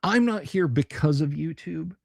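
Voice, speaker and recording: A man's voice: a little high, animated, measured pace, gravelly, no room sound, studio quality. A man hosting a casual livestream chat for his tabletop gaming channel, blunt, sarcastic and profane.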